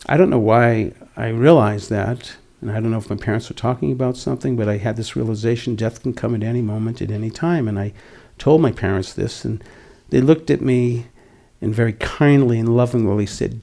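A man in his sixties from the Boston area, giving a gentle, reflective dharma talk whose voice often drops to a near whisper. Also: mid-range voice, brisk, creaky, hardly any pauses. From Boston area, USA. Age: 60s. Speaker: meditation teacher.

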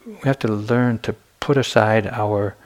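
A man's voice: fairly low pitch, steady tone, measured pace. A man who is a meditation teacher, giving an evening dharma talk in a candid, conversational way, telling stories with frequent restarts. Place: retreat center meditation hall.

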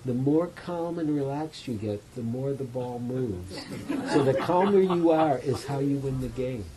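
A man, a meditation teacher, giving a dharma talk in a meditation center hall, telling a story in a relaxed, chatty, self-mocking way. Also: medium pitch, unhurried, crowd noise. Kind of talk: dharma talk to a retreat audience.

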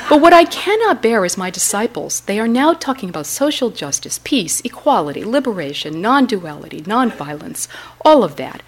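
A woman's voice: medium pitch, breathy edge, voice pushed up. A woman telling a story at a dharma talk, voicing Mara as a tired male tempter spirit who complains about his role.

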